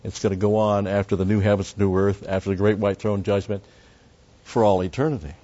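A man's voice: fairly low pitch, steady tone, fairly quick, mellow. Guy going through bible verses word by word, chatty asides, kinda muffled lo-fi sound. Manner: conversational, explains word by word with asides. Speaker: Bible teacher. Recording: dull lo-fi sound.

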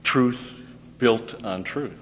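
A man's voice: medium pitch, drawn-out words, slight background noise. A man giving a verse-by-verse Bible teaching, chatty and asking his listeners questions before answering them himself. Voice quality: conversational, asks and answers own questions. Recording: dull recording with long hall reverb.

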